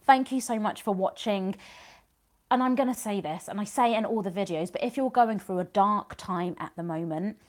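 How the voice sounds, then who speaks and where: A woman's voice: medium pitch, normal speed, a little mellow. A woman in her thirties giving an earnest, reassuring motivational talk to her viewers, repeating her encouragements. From United Kingdom. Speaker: vlogger and business community host. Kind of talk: casual motivational talk to camera.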